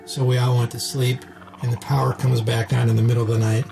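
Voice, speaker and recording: A man reminiscing in a relaxed documentary interview. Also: mid-range voice, quick pace, gravelly, over music.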